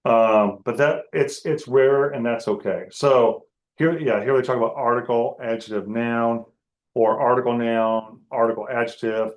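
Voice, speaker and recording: A man teaching a Greek grammar class, talking in a halting way with many fillers and restarts. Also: mid-range voice, steady tone, echoey room, low-quality recording. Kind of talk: classroom lecture.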